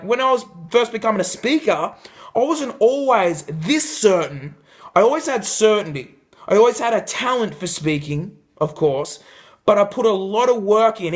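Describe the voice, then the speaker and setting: A young man coaching viewers in an emphatic motivational talk to camera, shifting his pitch for effect. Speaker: life coach.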